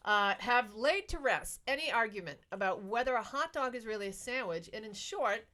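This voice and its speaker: A woman's voice: on the high side, expressive, moderate pace, pushed and bright. A woman co-hosting a comedy talk show, bantering playfully and reading out news items. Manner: playful, teasing, reads news items aloud. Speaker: co-host.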